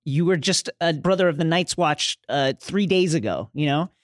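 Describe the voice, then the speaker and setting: A man co-hosts a podcast and recaps scenes in casual chat, laughing often. His pitch moves a lot, and the sound is dry and close. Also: lively intonation, moderate pace, no room sound. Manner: laughs often, retells scenes by reading the lines aloud. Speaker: podcast co-host.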